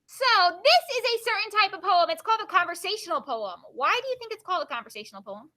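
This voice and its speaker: A woman teacher reading poems aloud to her class and quizzing her students with quick questions. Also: very high-pitched, sing-song, sharp tone.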